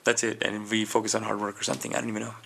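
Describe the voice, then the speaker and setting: A man rattles off rambling stories at a quick clip, his voice gravelly with fry. It is casual comedy podcast chat, full of "dude" and "man". A faint hiss sits under the recording. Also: lowish voice, flat delivery, a bit bright. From Canada. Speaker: podcast co-host.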